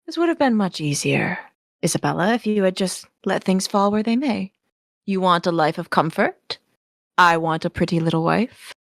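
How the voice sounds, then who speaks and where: A woman voicing a scheming male naval officer with a smooth, condescending manner. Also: lowish voice, animated, moderate pace, no room sound, clean studio sound. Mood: smug. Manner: smooth, condescending, mock-polite.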